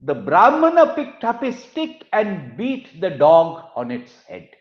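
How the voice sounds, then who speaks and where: A man's voice: high-pitched, wildly swooping pitch, takes it slowly. A man giving a university lecture. He tells a fable and then explains it. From India. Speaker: guest lecturer. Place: university hall. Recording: echoey hall, dull lo-fi sound.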